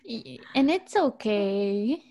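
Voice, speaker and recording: A woman's voice: a little high, sing-song, mellow. A young woman co-hosting a podcast, chiming in casually with laughs and closing the episode. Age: young adult. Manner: unhurried chiming-in, signs off the show. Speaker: podcast co-host. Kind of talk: casual chat.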